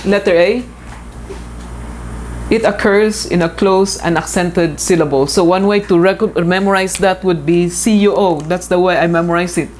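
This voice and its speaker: A woman teaches in a recorded lecture, her voice sitting on the low side. She explains patiently, repeating key points and pausing on fillers. A faint hiss runs underneath. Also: darkish tone. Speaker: instructor.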